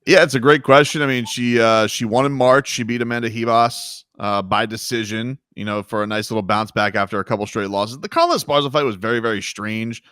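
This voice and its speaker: A man's voice: mid-range voice, fairly even intonation, a little fast, few pauses, fairly bright tone, smooth, no echo, studio quality. A man co-hosting a sports podcast, talking loosely with lots of fillers and restarts. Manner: rambling, many restarts and fillers. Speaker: MMA podcast co-host. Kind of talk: casual sports talk.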